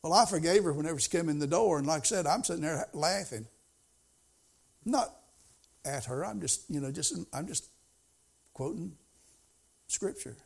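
Man, pastor preaching, folksy and conversational, slightly higher voice. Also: lively intonation, moderate pace, vocal fry, long pauses, husky. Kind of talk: sermon.

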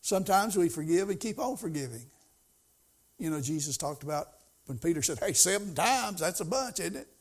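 A man's voice: high-pitched, animated, moderate pace. A middle-aged man preaching a sermon as pastor, in a folksy, conversational way that rises to emphasis.

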